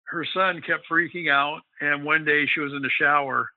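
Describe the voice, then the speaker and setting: Guy on a tinny phone line rambling through a story, lots of "you know", kinda high voice. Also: fairly even intonation, moderate pace, no room sound. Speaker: guest. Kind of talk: casual storytelling.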